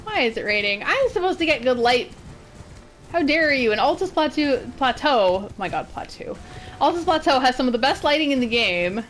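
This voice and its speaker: A woman's voice: high-pitched, big pitch swings, fairly quick. A woman from Massachusetts giving casual, rambling commentary while streaming a game. She laughs often.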